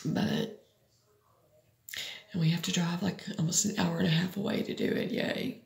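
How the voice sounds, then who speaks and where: A woman's voice: on the low side, level tone, normal speed, gravelly, reverberant. A woman, venting in a rambling, frustrated personal vlog and swearing now and then. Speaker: vlogger.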